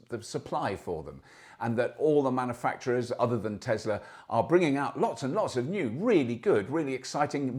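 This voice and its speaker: A man's voice: medium pitch, a little mellow. Chatty man in his sixties. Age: 60s. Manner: chatty and anecdotal, with asides. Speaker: show host. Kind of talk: casual news commentary.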